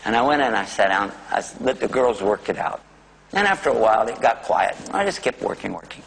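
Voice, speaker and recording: A man telling a personal faith story in a religious talk, animated and acting out the voices. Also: lowish voice, brisk, gravelly, husky, poor audio. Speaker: speaker.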